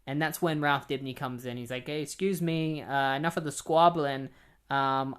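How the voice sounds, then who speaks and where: A man's voice: fairly high pitch, steady tone, moderate pace, fairly bright tone, clean tone. A man casually recapping a comic book plot, rambling with many fillers. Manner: rambling, many ums and likes. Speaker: comic book retrospective host.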